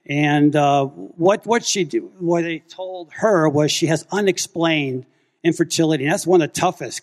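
A man in his fifties telling a congregation a family story, acting out the dialogue with lively energy. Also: fairly high pitch, moderate pace. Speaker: church member sharing a testimony. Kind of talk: testimony story told to a congregation. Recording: long hall reverb.

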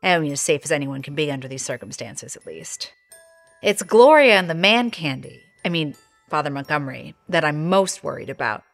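A woman's voice: sits low, expressive, normal speed, creaky, soft background music. A woman narrating an audio drama in a wry, sardonic voice that swears freely.

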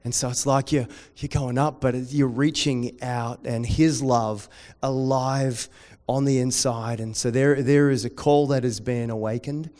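A man preaching a sermon, dropping to quiet intensity and rising to loud, excited storytelling. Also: mid-range voice, measured pace. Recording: long hall reverb.

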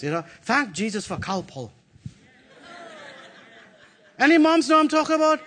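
A middle-aged man preaches in a church with a high, bright voice. He is animated and playful and keeps calling out to the congregation. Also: moderate pace, long pauses. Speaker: pastor. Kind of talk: sermon.

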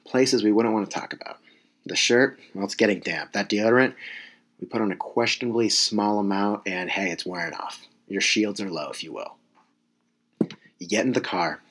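A man's voice: sits low, fairly bright tone, slightly rough. A young man in his twenties from California, giving a rambling, self-correcting comedic monologue with wry asides.

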